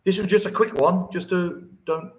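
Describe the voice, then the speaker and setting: A man's voice: high-pitched, fairly even intonation, moderate pace. A man with an English accent hosting a casual livestream from home, rambling, chatting and reading out viewer comments. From England. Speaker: livestream host. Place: home in the Philippines. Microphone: phone or camera mic.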